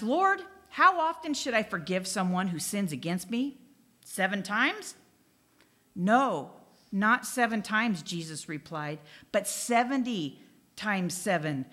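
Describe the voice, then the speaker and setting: A woman preaching a sermon in a lively, chatty way, reading scripture and exclaiming as she goes. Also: fairly high pitch.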